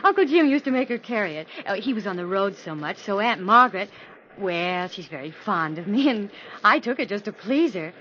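A woman's voice: medium pitch, expressive, a little fast, a bit bright, slight background noise, close to an everyday voice. An actress playing a naive, chatty young woman librarian, breathless and fluttery, in 1940s radio acting on a dull old recording.

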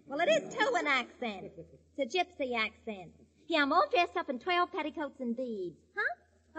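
A woman's voice: high voice, very animated, moderate pace, pushed and bright, in a large hall. A woman comedienne doing a slangy, wisecracking phone monologue in a 1940s radio comedy. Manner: brassy, slangy, wisecracking one-sided phone chatter. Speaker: comedienne, guest.

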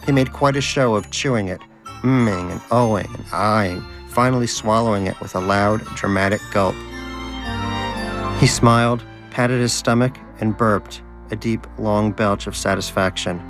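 A man reading a comic story aloud in a dry, measured narration. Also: lowish voice, music in the background. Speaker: audiobook narrator.

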